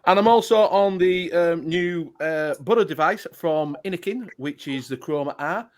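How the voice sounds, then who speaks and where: A man chatting casually on a vaping show, rambling and halting as he lists his gear. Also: on the high side. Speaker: vape show panelist. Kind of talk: casual banter.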